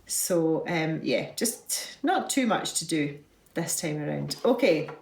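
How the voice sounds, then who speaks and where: A woman's voice: low-pitched, animated, slow pace, vocal fry, distant mic, background noise. A young woman teaching a beginner fiddle workshop. She is patient and encouraging, and she counts the notes aloud. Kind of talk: online music workshop. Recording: echoey room, away from the mic, fiddle playing.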